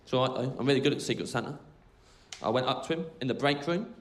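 A man's voice: medium pitch, fast talker. A man doing stand-up comedy, telling an absurd rambling story in a sardonic manner. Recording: roomy club sound with loud crowd.

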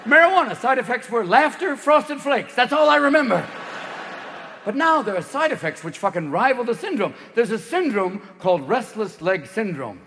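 A man's voice: very high voice, sing-song, fairly bright tone, long reverb tail. A man in his fifties performing a profane, manic stand-up comedy routine on stage. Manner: manic, profane, rapid shifts into voices. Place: stage before a live audience.

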